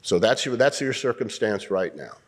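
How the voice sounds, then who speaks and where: An older man teaching an acting workshop, coaching students through scenes in an animated way and often clearing his throat. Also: on the low side, normal speed.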